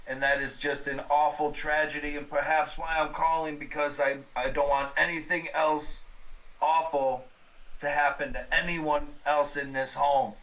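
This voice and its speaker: A man voicing an earnest male paranormal investigator in a horror tabletop game, halting and stammering as he speaks. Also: a little high, little pitch movement, fairly bright tone, low-quality recording. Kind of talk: horror tabletop role-play.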